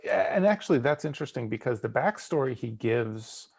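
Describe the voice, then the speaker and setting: Gravelly-voiced man trading film jokes. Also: mid-range voice, expressive, fairly quick, a little mellow. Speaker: guest co-host. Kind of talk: casual film discussion.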